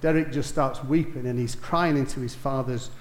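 A man preaches with a mid-range voice, telling stories that climb to loud, emphatic peaks before falling to hushed asides. His voice rings through an echoey room. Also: medium pitch, steady tone, normal speed. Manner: storytelling, rising to emphatic peaks then dropping soft. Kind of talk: sermon.

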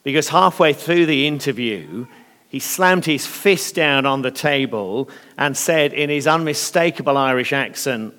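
Man, slightly hoarse, earnest sermon, hesitant fillers, long church reverb. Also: mid-range voice, unhurried, bright, forceful tone. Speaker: preacher.

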